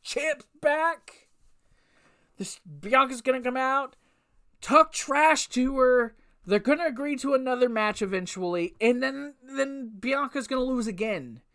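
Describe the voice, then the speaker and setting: A woman's voice: high voice, animated, a little slow, fairly bright tone. A woman giving a casual review of a wrestling show, ranting with exasperated rhetorical questions and frequent swearing. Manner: repetitive restarts and rhetorical questions.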